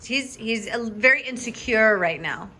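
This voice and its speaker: A woman dog trainer talks a student through a training lesson, brisk and directive, checking in often. Her voice sits a little high and sounds clear and bright. She breaks into lively, high praise for the dog now and then. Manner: upbeat, directive, frequent check-in "okay?". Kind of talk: coaching a student during a live lesson.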